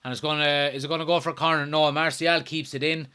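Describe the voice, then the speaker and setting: Excitable, bright-voiced man. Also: on the high side, quick pace, clear, resonant tone. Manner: excitable, swears often, reads out viewer comments. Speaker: watchalong host. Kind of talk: live football watchalong commentary.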